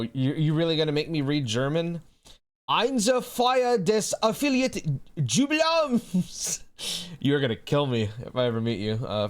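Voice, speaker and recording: A young man talks loosely on a livestream, answering his chat. He swears freely and laughs often, in an easygoing, middle-pitched voice. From United States. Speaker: streamer. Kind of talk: casual livestream chat, reading chat aloud.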